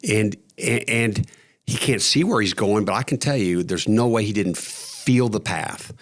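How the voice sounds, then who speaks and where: A man's voice: lowish voice, measured pace. A man co-hosting a faith podcast, retelling scenes vividly and animatedly. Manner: animated, vivid storyteller, voice rises when excited. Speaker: podcast co-host. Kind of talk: casual faith discussion.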